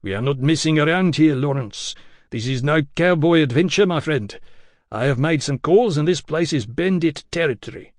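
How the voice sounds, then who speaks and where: A man voicing a tough ex-soldier in his thirties with an Afrikaans accent, blunt and forceful, in an audiobook. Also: on the high side, moderate pace, dry recording, clean studio sound, voice pushed up, natural voice. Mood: blunt, serious. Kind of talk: audiobook character voice.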